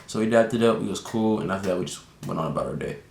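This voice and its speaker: Young dude with a gravelly voice, slangy storytime vlog, echoey room. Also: male voice, rapid-fire. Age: young adult. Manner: slangy, animated retelling with many fillers. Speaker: vlogger. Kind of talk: casual storytime. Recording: echoey room with faint rumble.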